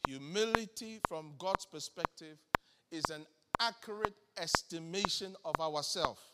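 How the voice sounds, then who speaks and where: A high-pitched man preaches with insistent repetition, putting questions straight to the congregation. His voice rings with long reverb, as if in a large hall. Heavy noise sits under it throughout. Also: measured pace. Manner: emphatic, repeats phrases for effect. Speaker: bishop preaching. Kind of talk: sermon.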